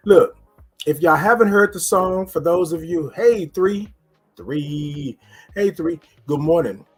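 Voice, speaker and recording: A man hosts a casual morning livestream, upbeat and chatty as he greets viewers by name. His voice sits a little high and has a husky edge. Faint music plays underneath. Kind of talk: casual live-stream talk to viewers.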